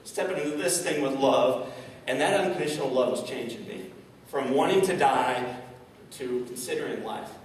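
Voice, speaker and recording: A man's voice: mid-range voice, moderate pace, a little hiss or hum. A man giving a keynote talk to a live audience, telling a personal story and speaking straight to the crowd. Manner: storytelling, addresses audience directly. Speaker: motivational speaker. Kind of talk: inspirational keynote speech. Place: large event hall. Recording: echoey hall, distant mic.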